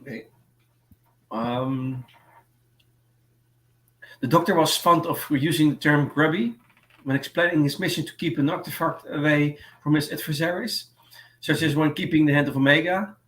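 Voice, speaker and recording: A man's voice: fairly high pitch, normal speed, long pauses, a bit bright. Hesitant man in an echoey room. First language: Dutch. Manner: hesitant, many fillers, reads notes. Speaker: host. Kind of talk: casual livestream chat. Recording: echoey room with faint noise.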